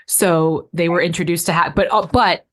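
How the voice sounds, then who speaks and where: Relaxed woman host, somewhat low voice, quick to laugh and chime in. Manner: laughs easily, frequent short agreements. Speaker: podcast host. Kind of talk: casual chat.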